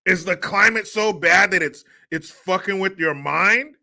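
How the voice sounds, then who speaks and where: Forceful, mocking male podcast host. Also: high voice, a little slow, creaky. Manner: crude, mocking, profane, often laughing scornfully. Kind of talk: solo commentary rant.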